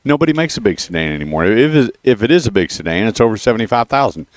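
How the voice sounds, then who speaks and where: A man's voice: lowish voice, very animated, very fast, dry recording. A man hosting a radio show, chatting casually and telling stories between plugs. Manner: chatty storyteller, repeats the phone number. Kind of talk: casual radio chat with car dealer plugs. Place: radio studio.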